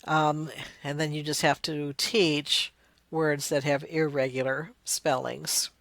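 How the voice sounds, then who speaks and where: A woman's voice: low voice, flat delivery, no room sound. Woman lecturing, dry close sound. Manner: explanatory, demonstrates sounds by saying words slowly. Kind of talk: recorded lecture.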